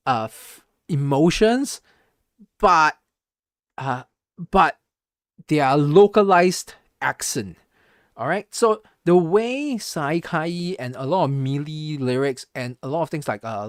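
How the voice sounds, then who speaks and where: A man's voice: on the high side, no echo, clean studio sound. A man with Southeast Asian English, switching into a more American-sounding accent, chatting casually on a live stream, rambling and correcting himself as he hums musical beats. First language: not English.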